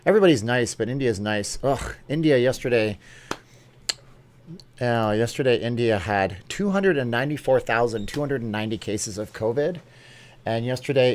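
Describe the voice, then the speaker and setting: A man's voice: mid-range voice, darkish tone. A man hosting a casual livestream vlog, chatting in an upbeat way and jumping between topics as he reads viewer comments. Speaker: YouTube vlog host.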